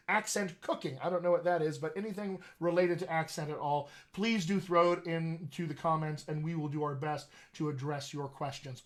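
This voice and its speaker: Chatty man hosting a video-call livestream. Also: a little high. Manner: chatty, joking, upbeat. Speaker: dialect coach hosting a live session. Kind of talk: casual livestream talk to viewers.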